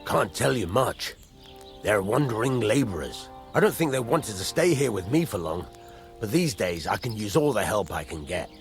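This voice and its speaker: An actor playing a gruff middle-aged blacksmith who grumbles and curses, in a video game. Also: male voice, fairly low pitch, sing-song, normal speed, soft background music. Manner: gruff, cursing.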